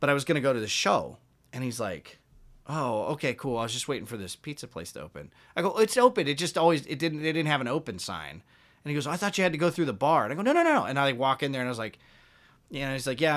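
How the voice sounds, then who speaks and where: A man talks about his music past as a podcast guest, in a bright, clear tone of middling pitch. He tells stories loosely and jumps into animated little impressions of the people he met. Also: fast talker. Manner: animated, acts out quoted dialogue. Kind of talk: casual storytelling.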